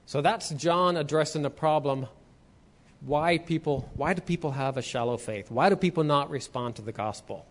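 Guy preaching a sermon, kinda high voice, casual teaching tone, reads bible verses. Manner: conversational teaching with scripture readings. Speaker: pastor.

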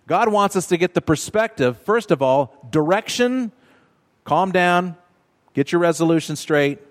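A man preaching a sermon, teaching earnestly and slowly repeating short commands for his listeners. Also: on the high side. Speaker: pastor. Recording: long reverb of a large hall.

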